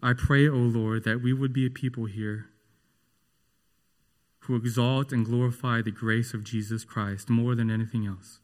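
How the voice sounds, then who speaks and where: A man preaching a sermon in a slow, earnest and emphatic way. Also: mid-range voice, level tone, darkish tone.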